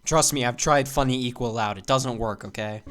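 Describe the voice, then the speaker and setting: A man giving mocking, exasperated reaction commentary with deadpan jabs. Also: mid-range voice, normal speed. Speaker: commentary YouTuber.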